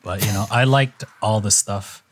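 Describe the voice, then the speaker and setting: A man's voice: on the low side, moderate pace. A young man hosting a podcast in casual chat, laid-back and rambling with fillers. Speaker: podcast host.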